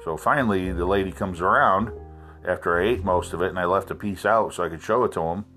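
Low-voiced man, swearing through a rant. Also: quick pace, sharp tone, faint music behind. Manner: blunt, swearing, exasperated complaining. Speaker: vlogger telling a restaurant story. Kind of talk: profane storytelling rant.

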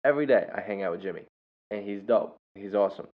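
A young man casually telling a funny story about a first grader, laughing often and breaking into loud impressions. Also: lowish voice, fast. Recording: dull lo-fi sound.

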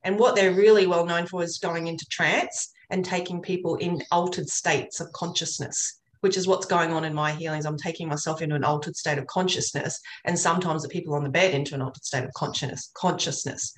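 A woman's voice: deep voice, steady tone, a little fast, hardly any pauses. Chatty woman in an echoey room. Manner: earnest, chatty, rambling storytelling. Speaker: energy healer guest. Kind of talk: casual interview chat. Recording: roomy echo.

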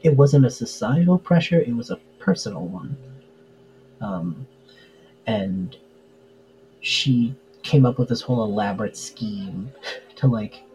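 A man's voice: medium pitch, animated, measured pace, pauses often, dark tone, faint music behind, rough recording. A man chatting casually as a podcast guest, full of fillers and easy laughs. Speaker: podcast guest, tabletop game player. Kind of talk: casual interview chat.

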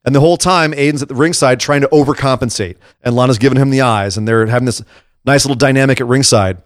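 Man, casual co-host chat, animated retelling, acts out quotes, dry close sound. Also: mid-range voice, fast talker, no echo. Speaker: podcast co-host. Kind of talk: casual chat recapping wrestling.

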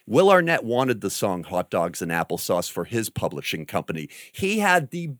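Animated, profane man telling a story. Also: fairly low pitch, moderate pace, no echo, clean studio sound. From New England. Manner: animated, profane, breaks into loud impressions. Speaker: guest. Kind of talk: casual storytelling.

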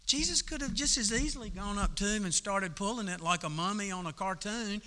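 Folksy preacher with a bright, ringing voice. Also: male voice, high-pitched, a little fast, long reverb tail. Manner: folksy, conversational preaching with casual asides. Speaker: pastor. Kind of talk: sermon. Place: church sanctuary.

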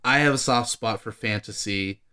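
A man's voice: fairly low pitch, normal speed, sharp tone, clear, resonant tone. A man co-hosting a casual film podcast, hesitant and full of fillers, trailing off mid-thought. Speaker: podcast co-host, working actor. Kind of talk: casual chat about movies.

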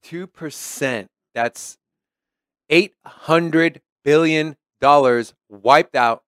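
A man's voice: a little high, extremely slow, fairly bright tone, clean tone, no echo, studio quality. A man co-hosting a podcast in casual chat, explaining price charts and joking with his co-host.

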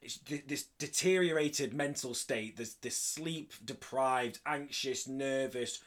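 Animated man chatting about films. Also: medium pitch, slow pace, hardly any pauses. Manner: animated, sweary, enthusiastic. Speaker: podcast co-host. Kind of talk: casual film-review chat.

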